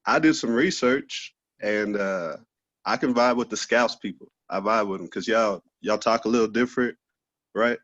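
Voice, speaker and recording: A man's voice: fairly low pitch, normal speed, a bit bright, no echo, lo-fi sound. A man doing a loose, profane stand-up set over a video call, laughing at his own jokes. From Texas, USA. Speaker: stand-up comedian.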